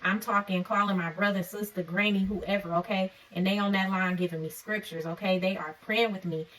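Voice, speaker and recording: A woman giving an encouraging faith-based talk to camera, earnest and preacherly, often checking in with her listeners with a quick "okay?". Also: mid-range voice, steady tone, fairly bright tone, far from the mic, low-quality recording. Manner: conversational and informal. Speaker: faith vlogger. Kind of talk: encouraging devotional vlog talk.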